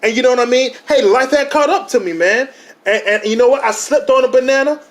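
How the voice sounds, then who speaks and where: High-pitched man ranting with laughter. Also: fast. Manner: laughs while ranting, loud and boisterous. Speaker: podcast host. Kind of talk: heated comedic argument.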